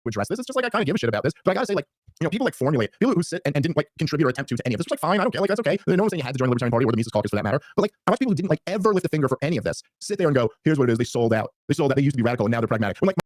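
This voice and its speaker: A man's voice: fairly high pitch, very animated, no room sound, clean studio sound. A man talking casually on a podcast, exasperated and packed with fillers like "like". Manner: rapid, filler-heavy, exasperated.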